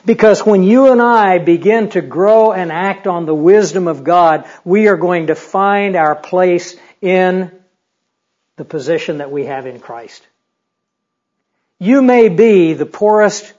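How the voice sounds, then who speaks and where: Male preacher, folksy sermon with humor and rhetorical questions; high voice, dull recording. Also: unhurried, darkish tone. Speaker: pastor.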